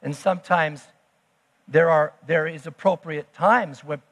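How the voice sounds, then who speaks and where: Man, pastor, high voice, emphatic sermon delivery, loud then hushed, long church hall echo. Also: steady tone, measured pace. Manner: emphatic preaching, swinging between loud and hushed. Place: church sanctuary.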